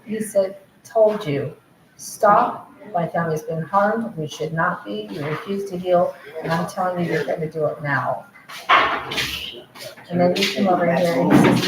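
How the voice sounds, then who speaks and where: A woman in an agitated, rambling monologue, repeatedly relaying what others told her. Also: lowish voice. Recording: roomy echo, faint background noise.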